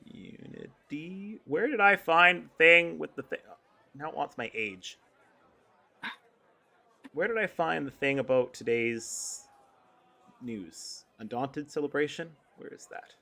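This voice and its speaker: A man's voice: fairly high pitch, animated, slow pace, creaky, sharp tone. A man co-hosting a casual gaming podcast, running through store items and events with frequent ums and self-corrections. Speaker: podcast co-host. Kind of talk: casual game news chat.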